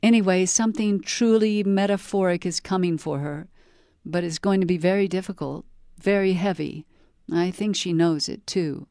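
An odd stranger who claims to be a pet psychic, apologetic and earnest, with a tired, reedy voice pitched well above the reader's own, as a woman reads her out. She talks hesitantly, stumbling over her apologies. It sounds like a storybook read aloud in a dry, close space. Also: normal speed, dark tone, dry recording, close to an everyday voice. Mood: rueful.

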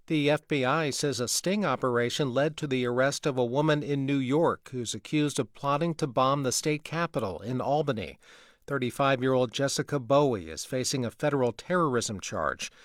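A man's voice: medium pitch, moderate pace, no echo. Male newscaster, dry studio read. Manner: crisp, even newsreading. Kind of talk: national news bulletin.

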